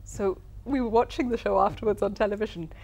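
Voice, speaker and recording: A woman's voice: mid-range voice, fast talker, gravelly, breathy edge. A woman from Pakistan, a writer and cooking-show host, telling anecdotes as an interview guest and acting out quoted lines. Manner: lively storyteller, acts out quotes.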